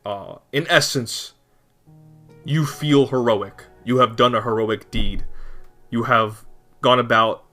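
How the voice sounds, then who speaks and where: Bright-toned male game master. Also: medium pitch, slow, pauses often, faint music behind. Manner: loose, searching narration with fillers. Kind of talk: narrating a tabletop game.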